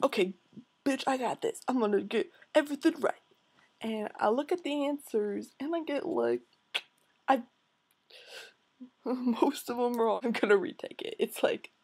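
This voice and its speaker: A woman's voice: medium pitch, vocal fry, a little mellow, breathy edge. A young woman in her late teens chatting casually to camera as a vlogger, rambling, swearing and mocking herself.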